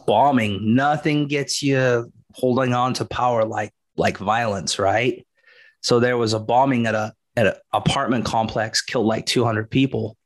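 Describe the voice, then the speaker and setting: A man's voice: medium pitch, fairly even intonation, moderate pace. A middle-aged man co-hosting a casual history podcast, jokey and laid-back, often tagging his points with "right?" and "bro". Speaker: podcast co-host.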